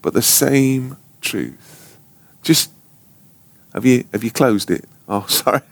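A man's voice: mid-range voice, expressive, slow, creaky, no echo. A man teaching a Bible class informally, rambling and joking, often breaking off mid-sentence. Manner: rambling, self-interrupting, joking. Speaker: ministry school teacher.

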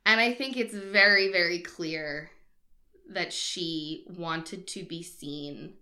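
A woman's voice: fairly low pitch, slow pace, sharp tone. A woman co-hosting a casual podcast, telling a story in a chatty way and laughing often. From Boston area, US.

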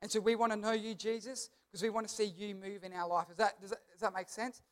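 A man with a high voice preaches to a youth group. He is emphatic and keeps repeating key phrases. Now and then he asks the crowd to say words back to him. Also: little pitch movement, fast talker. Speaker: youth pastor. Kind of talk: sermon.

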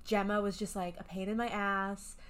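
A woman's voice: medium pitch, flat delivery, normal speed, fairly bright tone, smooth. A woman co-hosting a podcast in casual chat, talking enthusiastically and candidly with some swearing. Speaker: podcast co-host.

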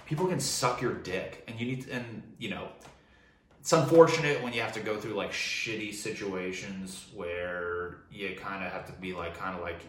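A man's voice: sits low, moderate pace, recorded from a distance. A young man venting in a casual monologue, profane, heated and rambling, while drinking wine. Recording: echoey room, voice off-mic.

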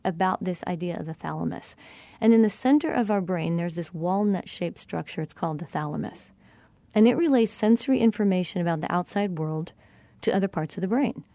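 A middle-aged woman giving a teaching talk about tone of voice and self-talk, speaking deliberately and shifting her inflection to show how phrases change meaning. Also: mid-range voice, dark tone, no room sound. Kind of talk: teaching monologue.

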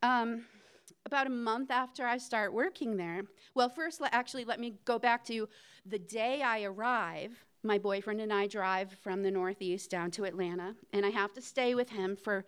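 A woman's voice: a little high, moderate pace, smooth. A middle-aged woman telling a candid personal story on a theater stage, talking conversationally with fillers and short laughs.

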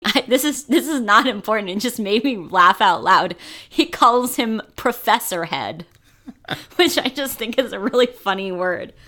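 Brief: opinionated woman co-host, casual banter, bright forceful tone. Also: medium pitch, lively intonation, unhurried. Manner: blunt, opinionated, swears. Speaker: podcast co-host. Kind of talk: casual chat.

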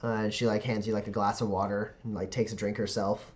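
A man's voice: on the low side, little pitch movement, fast talker. Rambling man narrating a tabletop game. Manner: loose, filler-heavy narration with many "like"s and "uh"s. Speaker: game master.

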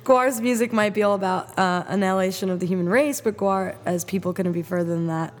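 A woman's voice: medium pitch, fairly quick. Woman reading news casually. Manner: plain, slightly flat reading, skips with "blah blah". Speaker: podcast co-host reading news. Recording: long reverb.

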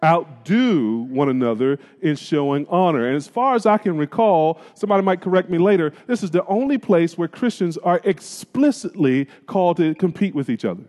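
High voiced pastor man preaching, folksy, asks the crowd stuff, big church reverb. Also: a little mellow. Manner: preaching with call-and-response questions and colloquial phrasing. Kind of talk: sermon. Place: church sanctuary. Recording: long reverb of a church hall.

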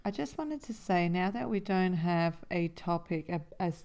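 A woman with a husky voice from being sick, co-hosting a podcast in a loose, giggly chat. Her voice sits a little low. Under the illness it comes through clean and smooth. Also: lively intonation, moderate pace, a little mellow. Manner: giggly, joking. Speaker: podcast co-host. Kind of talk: casual chat.

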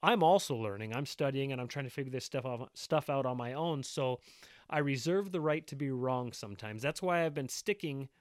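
A man's voice: mid-range voice, a little fast, dry recording, clean studio sound. A man making online videos, ranting at length in an angry, insistent, repetitive way. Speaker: video maker. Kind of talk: impassioned ranting monologue.

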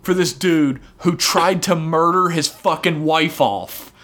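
A man's voice: on the high side, slow pace, fairly bright tone. A man co-hosting a casual podcast, recapping a TV episode with sarcastic, profane commentary. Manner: profane, sarcastic, acts out characters' lines. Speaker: podcast co-host.

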